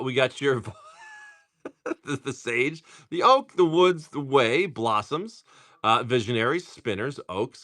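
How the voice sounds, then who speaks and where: A man's voice: mid-range voice, pushed and bright, no echo, studio quality. A tired middle-aged man hosting a live card-opening stream, casually chatting, teasing viewers and swearing freely. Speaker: card-breaking stream host.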